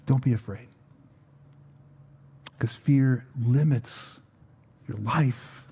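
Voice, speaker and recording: A man's voice: medium pitch, extremely slow, vocal fry, long pauses, mellow, husky. A man preaching a sermon as a pastor, telling a story in a loose, conversational way with fillers and repeated words. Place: church.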